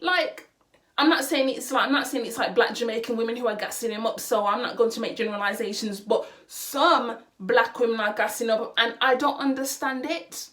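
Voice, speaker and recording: A woman's voice: fairly high pitch, brisk, a bit bright. A young adult woman talking straight to camera on her vlog, emphatic and indignant, repeating her questions for effect. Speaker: vlogger. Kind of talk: opinion vlog rant.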